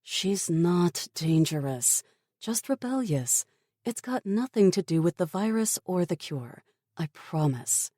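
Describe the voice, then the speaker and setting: Defiant woman scientist, read by the narrator for an audiobook; insistent, pleading, lively husky delivery. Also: lowish voice, takes it slowly, dry recording, clean studio sound, voice pushed up. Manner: insistent, pleading, rising to anger. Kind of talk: audiobook character voice.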